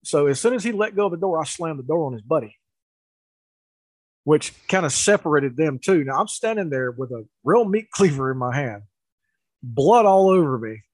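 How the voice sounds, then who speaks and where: A man telling a story in casual chat, animated, with laughs and restarts. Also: a little high, normal speed, no echo, low-quality recording.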